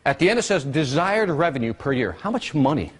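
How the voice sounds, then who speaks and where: A male workshop presenter teaching a live seminar, energetic and constantly quizzing his audience with questions. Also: a little high, fairly quick, a little hiss or hum.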